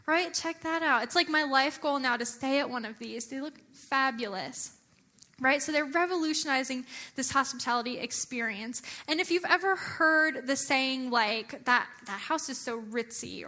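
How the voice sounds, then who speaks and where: A young adult woman giving a chatty, animated church talk, often using filler words. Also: sits high. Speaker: church speaker.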